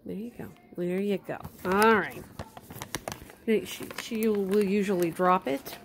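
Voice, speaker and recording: Woman, pet owner, casual and teasing; slow, mid-pitched, talks to animals like kids. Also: slight background noise. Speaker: pet owner filming her pets. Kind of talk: casual chat with pets. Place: at home.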